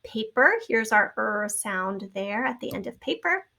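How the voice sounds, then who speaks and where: A middle-aged woman teaching a recorded spelling lesson, patiently spelling out letters and sounds and trailing off into soft asides. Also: a little high, lively intonation, measured pace, vocal fry.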